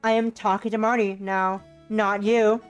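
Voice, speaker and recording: A woman's voice: medium pitch, level tone, unhurried, smooth, faint music behind, pitched above the performer's own voice, close to an everyday voice. A woman voicing Elizabeth, a devoted young woman who speaks in an earnest, old-fashioned formal way in a visual novel. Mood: earnest, defiant.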